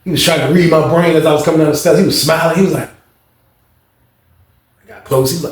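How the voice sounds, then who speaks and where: A man's voice: a little high, quick pace, long pauses, roomy sound. A man telling a story in a casual way, full of street slang and swearing, acting out the voices of the people in it. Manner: acts out other people's voices while retelling.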